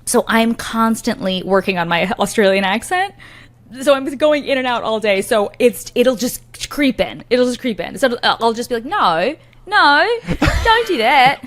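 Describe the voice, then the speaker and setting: A middle-aged woman co-hosting a podcast in casual chat, lively and quick with jokes and asides. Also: on the high side. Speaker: podcast co-host, actor.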